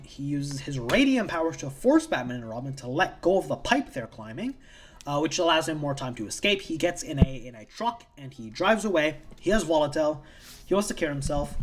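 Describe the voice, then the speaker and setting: Lively, rambling comic reviewer. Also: mid-range voice. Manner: rambling, profane, repeats themselves. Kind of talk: casual spoken comic recap.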